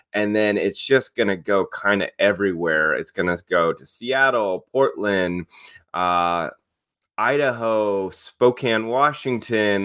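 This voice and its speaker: A man's voice: low-pitched, bright, forceful tone. A man co-hosting a celebrity news podcast, chatting casually and running through the week's stories in an upbeat way. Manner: upbeat, reads stories conversationally. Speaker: co-host. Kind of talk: casual chat and news rundown.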